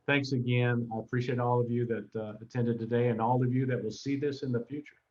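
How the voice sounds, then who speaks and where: A man's voice: medium pitch, steady tone, fast, a little mellow, dull audio. A male guest speaker on an online event who offers brief, polite, reserved thanks.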